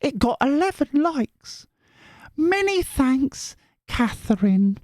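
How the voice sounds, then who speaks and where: A man putting on a high falsetto to voice a polite woman viewer, reading out her comment in a sweet, sing-song way. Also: big pitch swings, slow pace, a little mellow, no echo, studio quality, heavily acted.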